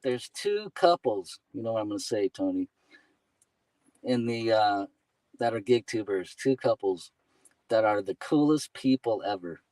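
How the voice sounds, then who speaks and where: A man's voice: fairly low pitch, expressive, a little slow, darkish tone, dry recording, far from the mic, rough recording. Laughing man telling road stories. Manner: laughs often, fills with "you know" and "man". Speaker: guest, delivery driver. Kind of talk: casual storytelling.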